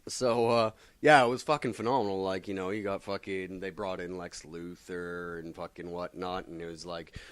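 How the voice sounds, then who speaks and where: A man's voice: low voice, normal speed, hardly any pauses, clean tone, dry recording. A man casually reviewing comic books, rambling and swearing constantly with lots of filler words. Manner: profane, rambling, animated, many fillers. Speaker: comics vlogger.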